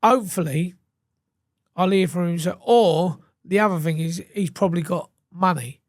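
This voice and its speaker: Guesting on a podcast, this English man chats casually, telling blunt, sweary, animated stories that keep restarting. His voice sits high at a normal speed, captured with studio quality and no room sound.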